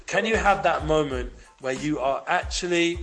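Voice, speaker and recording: A man giving a motivational talk to a live group indoors, rambling and animated, full of "like", breaking into loud sound effects. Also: a little high, normal speed, faint music behind. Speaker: guest speaker at a community gathering.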